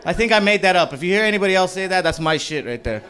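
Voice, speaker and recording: A man performing a live stand-up comedy set in a club, loose and profane, rambling with lots of fillers and shouting mock voices of angry people. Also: sits high, lively intonation, very fast, over music, a crowd in the background. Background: audience laughter.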